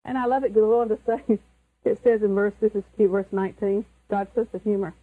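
A woman's voice: mid-range voice, steady tone, brisk, husky, narrow, tinny audio. A woman preaching a sermon, emphatic and chuckling, who repeats her key words.

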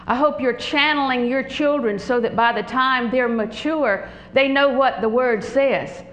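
An older woman preaching a sermon, animated and humorous, telling stories with frequent laughter. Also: sits high, measured pace, roomy sound, slight background noise, rough recording.

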